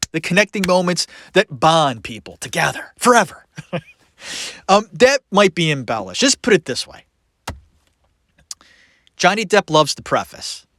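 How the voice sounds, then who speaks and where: Lively, laughing male podcast host. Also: a little high, no room sound, studio quality. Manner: animated, laughs often, sarcastic asides. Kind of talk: solo podcast commentary.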